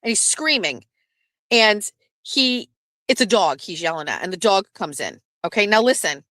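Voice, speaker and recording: A woman's voice: mid-range voice, normal speed, dry recording, clean studio sound. A woman hosting a casual live stream, telling a story with swearing and acted-out quotes. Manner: animated, swearing, acts out quoted voices. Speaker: host.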